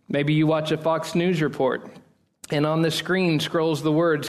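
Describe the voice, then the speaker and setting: Male pastor preaching a sermon, kinda high voice, earnest, gets emphatic then drops low and slow. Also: steady tone. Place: church.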